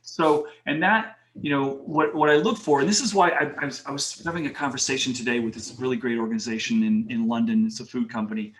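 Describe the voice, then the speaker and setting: A man's voice: medium pitch, fast talker, few pauses. A middle-aged man, a talent advisor, telling work stories as an interview guest. He talks animatedly, acts out what people said, and uses a lot of "you know". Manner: animated, acts out quoted dialogue, many "you know" fillers. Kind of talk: casual interview storytelling. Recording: roomy echo.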